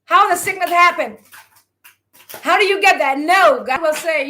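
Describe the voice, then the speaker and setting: A woman's voice: very high-pitched, moderate pace, pushed and bright, a little hiss or hum. A woman giving a spiritual talk to online followers. She speaks emphatically, piles up rhetorical questions and calls on listeners to answer.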